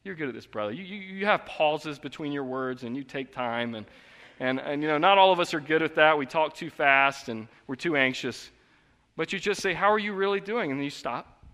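A man's voice: a little high, animated, moderate pace. Man preaching in an echoing church hall. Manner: earnest and conversational, swings from quiet to emphatic. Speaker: pastor. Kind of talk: sermon. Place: church sanctuary.

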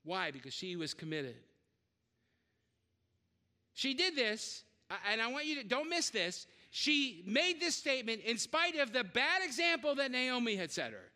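A middle-aged man preaches to his congregation with an unusually high, bright voice. He is animated, shouting repeated calls to the crowd between joking asides. His voice rings out with a long reverb through a large church hall. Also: a little slow. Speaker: guest preacher. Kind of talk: sermon.

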